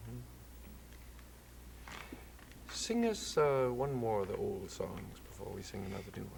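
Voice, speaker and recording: A middle-aged man hosts a casual 1960s television folk music chat, his voice fairly low, sing-song, creaky and a little mellow. He speaks slowly and easily, now and then breaking into song. Faint background noise sits under the old TV broadcast sound.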